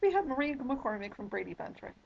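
A woman's voice: high-pitched, very animated, quick pace, creaky, darkish tone, muffled recording. A woman hosting a talk radio show, greeting listeners and introducing her guests in an upbeat way. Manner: upbeat welcome, laughs at her own slip.

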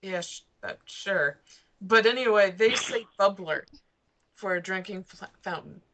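Brief: young female student, bright voice, chatty guest. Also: medium pitch, unhurried, a little hiss or hum. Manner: chatty, laughs while telling anecdotes. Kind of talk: casual chat.

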